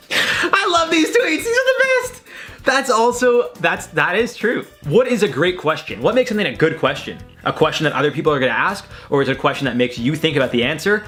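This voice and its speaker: A man's voice: mid-range voice, a bit bright. A man hosting a casual show, rambling and chatty as he reacts to tweets from his room at home, swearing freely. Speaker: host.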